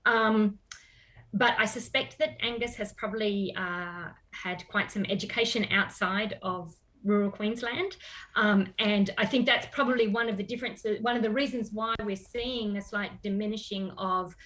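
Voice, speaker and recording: A woman with a voice of ordinary pitch for a woman, speaking as an expert guest on the radio. She explains in a measured, careful way, pausing to choose her words. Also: a bit bright, poor audio.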